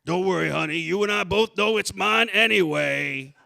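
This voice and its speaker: A man playing a smug, sly daddy who talks in a slow, soothing voice. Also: high-pitched, vocal fry, sharp tone, pitched below the performer's own voice, full character voice.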